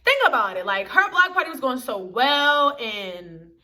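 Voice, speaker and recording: A woman's voice: sits high, very animated, measured pace, pushed and bright. A young woman reviewing a TV episode in casual chat to camera, talking straight to her viewers in a slangy, chatty way.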